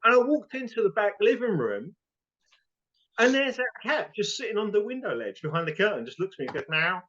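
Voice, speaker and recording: A man tells a funny anecdote in a casual, animated way. His voice is a little higher than usual and rises and falls a lot. The recording sounds muffled and lo-fi. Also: brisk. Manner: animated anecdote with acted-out quotes. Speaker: family member telling a story. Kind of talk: casual storytelling. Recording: dull lo-fi recording.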